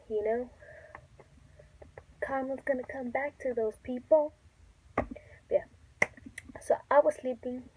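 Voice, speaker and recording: A woman's voice: a little high, lo-fi sound. A young woman telling a casual, chatty storytime, swearing freely as she recounts events. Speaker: YouTuber.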